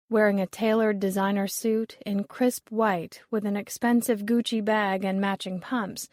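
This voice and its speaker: A woman narrates a mystery novel in a steady, even, measured read. Her voice sits at an ordinary middle pitch. The close mic gives a dry sound with no room around it. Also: no room sound. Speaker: audiobook narrator. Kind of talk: scripted narration.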